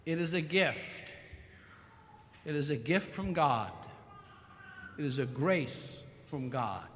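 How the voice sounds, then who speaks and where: A male pastor preaching a sermon in a large church, slow and emphatic, stretching out key words. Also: a little high, animated, a bit bright. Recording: long church reverb, faint room noise.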